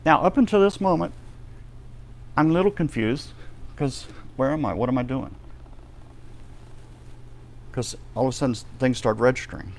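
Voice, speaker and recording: A man giving a personal testimony in a ministry live stream, telling his story vividly and acting out the shouts and reactions of the people in it. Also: mid-range voice, normal speed, pauses often.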